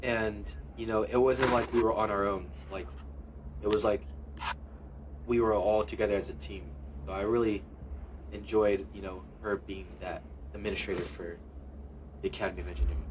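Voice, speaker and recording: Low-pitched man, calm and reflective, distant mic, noisy background. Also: normal speed. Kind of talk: casual chat.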